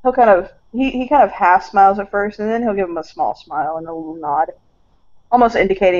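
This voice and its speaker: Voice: mid-range voice, fast, a little mellow. A player narrating their character in a tabletop game, casual and wry, with a loose, conversational delivery. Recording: dull lo-fi recording.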